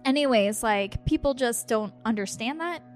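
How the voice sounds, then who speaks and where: A woman on a podcast tells personal stories in a casual, animated way, slipping into quoted voices as she goes. Her voice sits a little high. Faint music plays underneath. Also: normal speed. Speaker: podcast co-host and medium. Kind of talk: casual storytelling chat.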